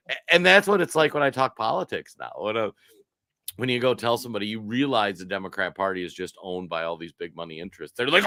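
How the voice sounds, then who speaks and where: A man's voice: lowish voice, fast, dry recording. A man from Minnesota co-hosting a casual political talk show, telling stories animatedly and acting out what people said. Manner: animated storyteller who acts out quotes. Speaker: co-host.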